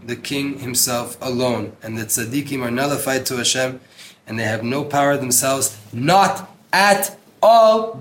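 With slight background noise behind him, a religious teacher with a medium-pitched, fairly bright voice gives a Torah class. He reads a passage aloud, translates it with Hebrew terms mixed in, and emphasizes points by repeating words in an earnest manner.

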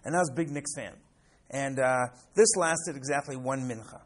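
A US rabbi in his sixties speaks at a medium pitch and normal speed while leading a class. He teaches through personal stories, repeats words, and often adds "right?".

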